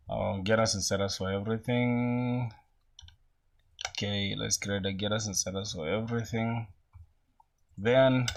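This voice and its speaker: A young man in his twenties chatting casually with viewers while coding live, using relaxed slang and thinking aloud, with an occasional cough. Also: fairly low pitch. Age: young adult. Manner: laid-back slangy, greets chat, thinks aloud. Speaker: programming streamer.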